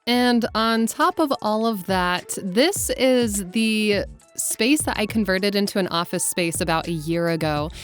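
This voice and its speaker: A woman voice actor talking through her week in a relaxed, reflective way. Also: mid-range voice, unhurried, faint music behind. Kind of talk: vlog talk and voice-over.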